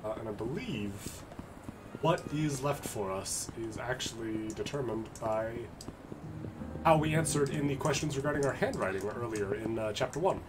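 A man's voice: mid-range voice, expressive, moderate pace, a crowd in the background. A man casually commenting on a video game as he plays, with playful, wry asides. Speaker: streamer. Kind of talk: gameplay commentary. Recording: game music behind voice.

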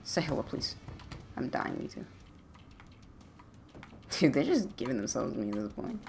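A young man casually commentating his own gameplay at home, jokey and trash-talking with sudden loud outbursts. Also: medium pitch, big pitch swings, normal speed, creaky, a little hiss or hum. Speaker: gaming YouTuber. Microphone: desktop USB mic.

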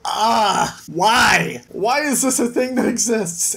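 A woman hosting a casual book review vlog, talking in an animated, exasperated, jokey way. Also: a little high, slow pace, vocal fry.

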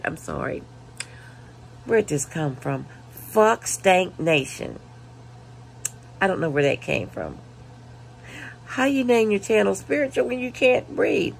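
Slow, gravelly woman reading comments. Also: mid-range voice, slight background noise. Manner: laughing, mocking, reads comments with loud emphasis. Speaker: vlogger reading viewer comments.

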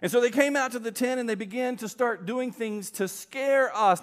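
A middle-aged male pastor preaching a sermon, telling a story with emphatic swings between loud and quiet. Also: very high-pitched, moderate pace, hardly any pauses.

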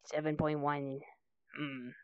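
Woman, deep unhurried voice, low-key gaming commentary, muffled lo-fi sound. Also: little pitch movement, clear, resonant tone, no room sound. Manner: mutters low-key commentary on her tries. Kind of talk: casual chat while gaming. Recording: dull lo-fi audio.

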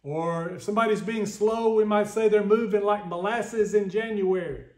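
A man's voice: high-pitched, fairly even intonation, normal speed, darkish tone, echoey room. A man with a Southern American accent preaching a Sunday sermon, earnest and folksy, reading scripture aloud.

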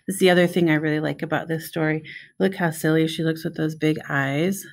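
A middle-aged woman, a preschool teacher, reading a picture book aloud in an expressive, friendly way and pointing out the pictures. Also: low-pitched, fairly quick, creaky.

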